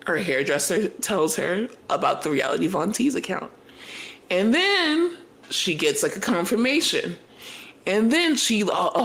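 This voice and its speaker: Animated, profane woman co-host. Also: mid-range voice, poor audio. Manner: animated, profane, tells story in bursts. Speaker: podcast co-host. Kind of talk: casual recap chat.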